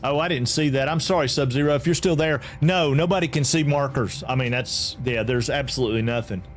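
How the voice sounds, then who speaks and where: A man's voice: medium pitch, fairly quick, a little hiss or hum. A man from Georgia, chatting casually with viewers while streaming a game and often repeating himself. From Atlanta, Georgia.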